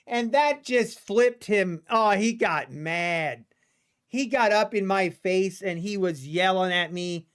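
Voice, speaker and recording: A man hosting a live trading stream, telling a rambling personal anecdote in a casual, animated way with frequent restarts. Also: high-pitched, a little slow, smooth. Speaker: livestream day-trading host.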